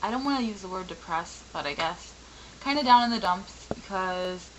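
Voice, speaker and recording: A woman in her twenties, a little raspy from a sore throat, talking candidly in a rambling personal vlog. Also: medium pitch, lively intonation, normal speed, slight background noise, low-quality recording. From Michigan, US. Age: 20s. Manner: candid, frustrated, rambling with many fillers. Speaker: vlogger.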